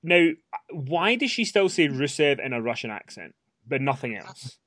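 A man co-hosting a podcast, animated and prompting his partner with questions. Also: mid-range voice, moderate pace, no echo, studio quality. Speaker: podcast co-host. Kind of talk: casual chat.

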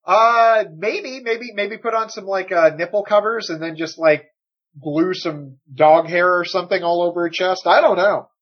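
A man co-hosting a wrestling podcast in casual chat, animated and joking, swearing freely. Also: high voice, moderate pace, breathy edge, lo-fi sound. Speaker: podcast co-host.

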